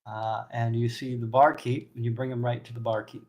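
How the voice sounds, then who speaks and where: A man's voice: medium pitch, flat delivery, fairly quick, a little mellow. A man narrating a tabletop game as game master, casual and a bit hesitant.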